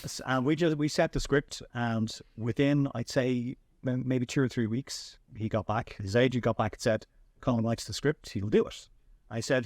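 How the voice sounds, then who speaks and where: Irish man telling a lively story. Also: medium pitch, normal speed, no echo, studio quality. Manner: animated anecdotes with many restarts. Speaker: podcast host and filmmaker. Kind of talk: casual storytelling chat.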